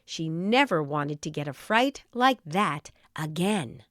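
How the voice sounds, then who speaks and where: A woman's voice: low-pitched, expressive, takes it slowly, a bit bright, no room sound, clean studio sound. Woman reading a children's story expressively.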